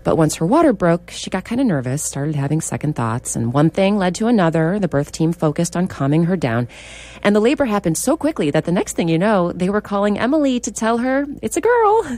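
A woman's voice: lowish voice, very animated, a little fast, darkish tone. A woman radio reporter narrating a scripted feature story in a storytelling way.

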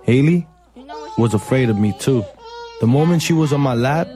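A young man narrating his own story in a quiet, plain, reflective way. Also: mid-range voice, lively intonation, normal speed, over a noisy crowd. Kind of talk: scripted documentary narration.

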